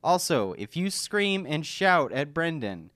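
A man's voice: a little high, sing-song, a little slow, a bit bright, dry recording, clean studio sound. A man in casual conversation as a podcast co-host, enthusiastic and sweary, often restarting his sentences. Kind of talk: casual chat.

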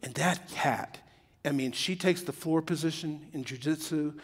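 A man's voice: a little high, normal speed, in a large hall, a little hiss or hum. A middle-aged man preaching a sermon in a joking, conversational way that builds to emphatic peaks. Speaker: pastor.

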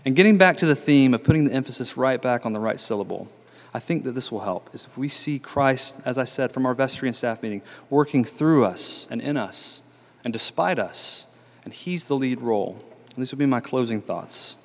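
A man preaching a sermon in an earnest, measured way, repeating key phrases for emphasis. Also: medium pitch, lively intonation. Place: church sanctuary. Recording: long church reverb.

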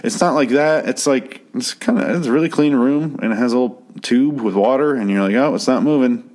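A man's voice: mid-range voice, fairly quick, darkish tone. A man recapping a TV episode in a rambling, sarcastic way, swearing freely. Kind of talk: casual profane recap.

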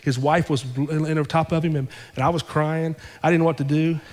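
Animated pastor preaching in a reverberant hall. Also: male voice, a little high, a little fast. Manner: animated retelling with quoted dialogue. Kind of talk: sermon storytelling. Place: church sanctuary.

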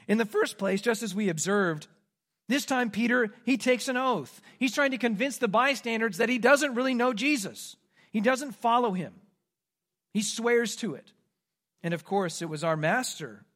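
High-voiced male preacher. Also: a bit bright. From American Midwest. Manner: expository preaching, dramatizing quoted lines. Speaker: pastor. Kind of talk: sermon.

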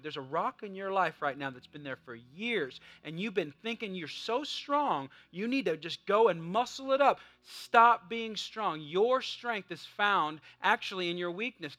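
A man preaching a sermon, swinging from loud fervent exhortation to a hushed, conversational story. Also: high-pitched. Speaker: pastor.

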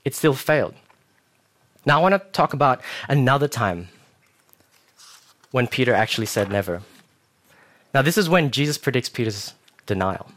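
A man's voice: mid-range voice, moderate pace, pauses often. Young man preaching casually. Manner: casual, animated storytelling with acted-out quotes. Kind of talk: sermon.

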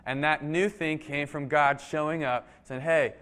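A man's voice: fairly high pitch, a little slow. A man preaching a sermon to his church, telling a story with casual phrasing and acting out the dialogue. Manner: animated storytelling, acts out quoted dialogue; casual, frequent "like". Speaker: pastor.

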